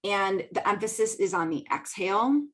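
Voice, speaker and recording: A woman's voice: mid-range voice, moderate pace, fairly bright tone. A young adult woman hosting her own podcast, chatting casually and laughing often, with lots of "like". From American Midwest. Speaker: podcast host and business coach. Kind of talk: casual solo talk.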